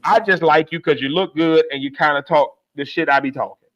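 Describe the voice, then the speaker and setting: A man's voice: fairly high pitch, brisk, a bit bright, dull audio. A man co-hosting a podcast, going off on a comedic, profane, exasperated rant in casual talk. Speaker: podcast co-host.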